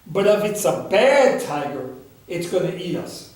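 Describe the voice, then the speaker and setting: A man telling a dharma talk story, voicing a gentle, kindly old monk who explains things patiently. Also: sits high, sing-song, unhurried. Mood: calm. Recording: echoey room, far from the mic.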